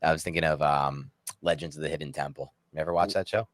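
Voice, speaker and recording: Deep-voiced laid-back podcast co-host man. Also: fairly even intonation, fast, no room sound. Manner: laid-back, jokey, rambling. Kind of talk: casual sports podcast chat.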